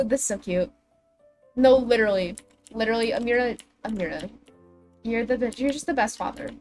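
This is casual game-stream talk from a young woman building in a game, addressing her chat in a chatty, theatrical, self-deprecating way. She speaks on the high side at a measured pace with a darkish tone, over faint background music.

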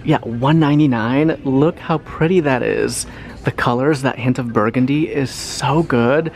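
A young man talking through a shop-with-me vlog in a home decor store, chatty and animated with dramatic reactions. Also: medium pitch, unhurried. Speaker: lifestyle vlogger.

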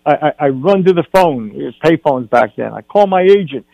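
An older man, a film director, telling stories as a guest in a radio studio interview, animated and acting out what people said. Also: on the high side, a little fast, vocal fry, dry recording, dull audio. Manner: animated anecdote teller, acts out quotes.

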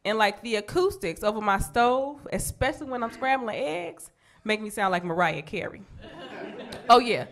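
A young adult woman with a Chicago accent performs a profane stand-up set on a club stage. She's brash, with lively intonation and a bit of brightness, and quickly jumps into high, squealing voices for the people she quotes.

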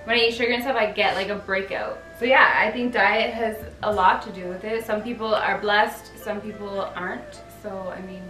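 A young woman hosts a casual home vlog and talks through a facial, leaning on "like" between almost every thought. She sits back from the mic in a room with a lot of echo, with quiet music playing underneath. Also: mid-range voice, fairly even intonation, moderate pace, few pauses. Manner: chatty, fillers of "like". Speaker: vlog host giving a facial. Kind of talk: casual chat. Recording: echoey room, far from mic, faint music.

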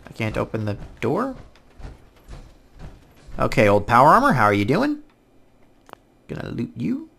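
Excitable gaming dude talking over his playthrough, voice bouncing all over. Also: medium pitch, a little slow, gravelly, long pauses, slightly rough. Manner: excitable, swings from mumbling to loud outbursts. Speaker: gaming YouTuber. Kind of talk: casual let's-play commentary.

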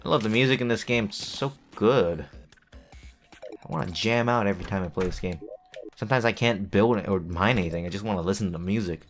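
A man's voice: lowish voice, a little fast. Male gamer, rambling self-talk with jokey asides, faint game music underneath. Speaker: gaming video creator. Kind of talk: casual gameplay commentary.

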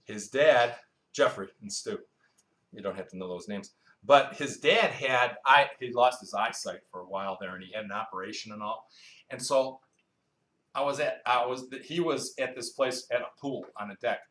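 A man's voice: medium pitch, normal speed, a bit bright. Man preaching in an echoey room. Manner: quizzes the congregation, asks and answers its own questions; conversational, with asides and storytelling. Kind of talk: Bible-teaching sermon. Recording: roomy echo.

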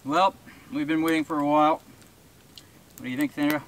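A man's voice: on the high side, fairly even intonation, a little fast, a bit bright. Man, casual host chat, rambling with ums, outdoors in woods, faint background noise. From rural New Brunswick, Canada. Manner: easygoing, rambling, frequent fillers and chuckles. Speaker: bushcraft channel host. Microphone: camera-mounted shotgun mic.

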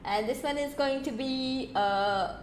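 A young woman streaming a game, chatting casually with playful, teasing, excitable exclamations. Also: sits high, takes it slowly, echoey room, slight background noise, rough recording. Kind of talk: casual gameplay commentary.

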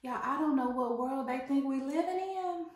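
A woman telling an animated, indignant storytime rant to her viewers. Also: high-pitched, moderate pace. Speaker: vlogger. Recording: very echoey room.

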